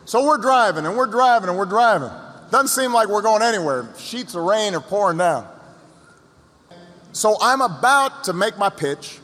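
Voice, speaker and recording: A man giving a speech to an audience, telling a story with pauses and repeated words. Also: high-pitched, animated, sharp tone, slight background noise. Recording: long reverb of a large hall.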